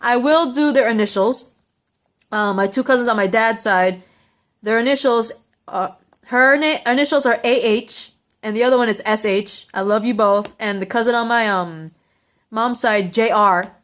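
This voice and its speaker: A young woman with a slightly raised pitch talks through a TV episode in a loose, rambling recap. She doubles back often, leaning on ums and likes, and sounds heartfelt about what she describes. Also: moderate pace, a bit bright. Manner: rambling and heartfelt, with many fillers.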